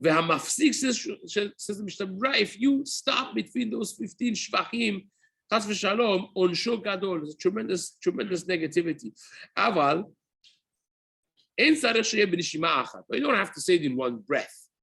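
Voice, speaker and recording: A man's voice: sits high, lively intonation, moderate pace, vocal fry, a bit bright, husky. A rabbi giving a daily halacha class, explaining step by step, often repeating and rephrasing himself and weaving Hebrew terms into his English. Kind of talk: spoken Torah class.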